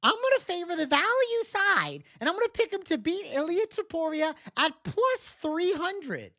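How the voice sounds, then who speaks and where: A man putting on the voice of an overconfident older male sports-betting tout who speaks slowly and showily. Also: sing-song, sharp tone, dry recording, studio quality, heavily acted. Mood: boastful. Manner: slow, high, showy pitchman delivery.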